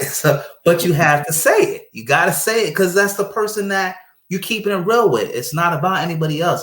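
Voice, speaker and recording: A man talking casually as a podcast guest, telling stories in an animated way. He slips into little acted-out voices now and then and laughs easily. The room around him carries a noticeable echo. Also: medium pitch. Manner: animated storyteller, acts out voices, laughs often. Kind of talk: casual chat.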